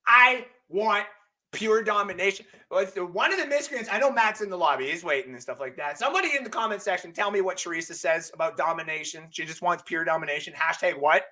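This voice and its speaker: A young man hosting a live sports stream, ranting loudly and profanely and often shouting. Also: sits high, fast talker. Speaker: host.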